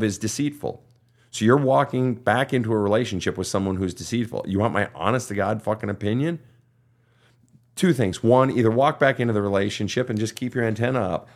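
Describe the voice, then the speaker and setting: A man's voice: fairly low pitch, a little fast, darkish tone. A man who hosts a counseling podcast, giving blunt, emphatic advice full of swearing. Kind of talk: profane motivational advice.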